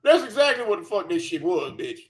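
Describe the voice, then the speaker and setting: A man's voice: sits high, sing-song, brisk. A man hosting a reaction commentary, profane, scornful and sarcastic. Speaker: commentary channel host.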